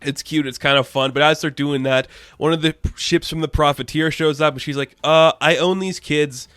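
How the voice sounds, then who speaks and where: A man's voice: a little high, level tone, fairly quick, fairly bright tone, clear, resonant tone, dry recording, studio quality, faint music behind. A young man casually recapping and reviewing a comic book issue, chatty and full of fillers. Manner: chatty, lots of fillers and quoted voices.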